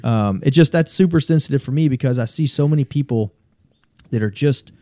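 Man, podcast guest; warm low-toned delivery, cusses casually, rambles earnestly through stories. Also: brisk, no room sound. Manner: swears freely, rambling and earnest. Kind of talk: casual conversational storytelling.

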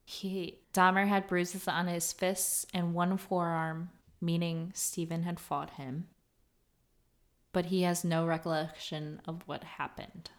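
A woman's voice: fairly low pitch, flat delivery, slow. A young woman co-hosting a true crime podcast, reading case details steadily and laughing nervously at the grim parts. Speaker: podcast co-host.

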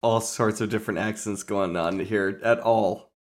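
A man hosting a podcast in casual chat. He is jokey and excitable, and he laughs easily. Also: on the low side, normal speed. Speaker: podcast host.

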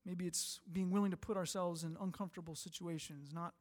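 Man, pastor, sermon, high voice, earnest, emphatic swells, long reverb in a church hall. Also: steady tone, brisk. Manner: earnest, swelling to emphatic peaks then dropping soft.

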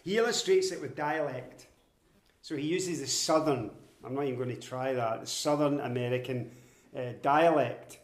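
A man's voice: medium pitch, normal speed. A man preaching an expository sermon. He explains his points step by step in an earnest, emphatic way. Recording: roomy echoey hall.

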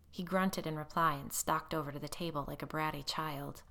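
A woman's voice: brisk, creaky, few pauses, fairly bright tone. A woman reading a ghost story aloud as narrator, lifting her voice for the characters' lines. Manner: voices characters with raised pitch and lowered narration tags. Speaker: audiobook narrator.

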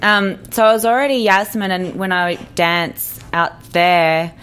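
A woman's voice: lowish voice, measured pace, fairly bright tone, smooth. A young woman from Australia, speaking easily as an interview guest. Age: young adult. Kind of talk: casual interview chat.

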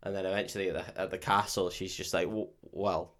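A man's voice: sits low, flat delivery, fast talker, fairly bright tone. Casual man recapping a film. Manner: swears freely, retells scenes in quoted voices. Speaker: podcast co-host.

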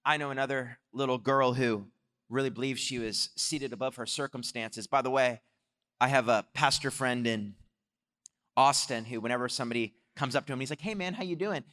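Preacher in a reverberant hall. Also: male voice, mid-range voice, moderate pace. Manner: animated, swells loud on exhortations. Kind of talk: sermon storytelling.

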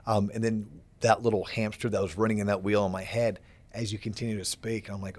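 A man's voice: fairly low pitch, level tone, a little fast, a little mellow. A man hosting a podcast, reflecting on and building on his guest's points in casual chat. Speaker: podcast host. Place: podcast studio set.

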